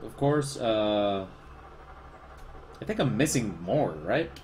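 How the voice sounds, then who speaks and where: A man's voice: on the low side, lively intonation, takes it slowly, a little mellow, slight background noise. A man with a Spanish accent, a livestreaming artist chatting casually, rambling and self-deprecating as he answers chat.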